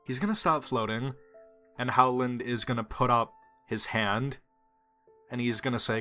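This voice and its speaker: A man playing a tabletop game, describing his character's actions in an animated way and laughing often, with faint music behind. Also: medium pitch, normal speed. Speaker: player. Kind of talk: tabletop role-play.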